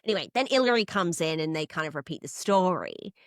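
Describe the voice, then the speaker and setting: A young Australian woman co-hosting a casual recap chat, animated and gossipy, often slipping into comic voices. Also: fairly low pitch, fast talker, no room sound, studio quality. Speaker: podcast co-host.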